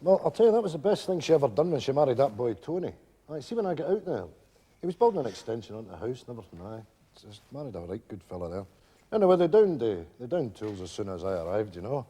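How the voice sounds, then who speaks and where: An actor playing an elderly Scottish widower who tells a long, meandering story full of fillers, on a live stage. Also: male voice, mid-range voice, very animated, fast talker, dark tone, slightly rough. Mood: rambling fond. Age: older. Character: elderly widowed male pensioner, rambling storyteller. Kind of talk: live stage sitcom acting. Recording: theatre stage with long reverb.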